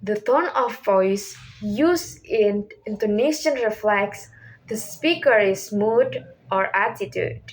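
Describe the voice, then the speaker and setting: A woman's voice: mid-range voice, lively intonation, slow pace. A young woman whose first language is Indonesian, reading a class presentation from a script as questions and answers, with small restarts. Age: young adult. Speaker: student presenter.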